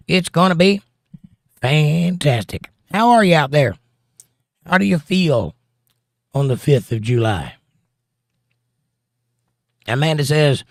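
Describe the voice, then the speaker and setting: A man's voice: on the high side, expressive, normal speed, long pauses, no echo, clean studio sound. Folksy man hosting a live chat show. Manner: folksy, chatty, reads chat aloud. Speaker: host. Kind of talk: casual livestream chat, reading viewer comments.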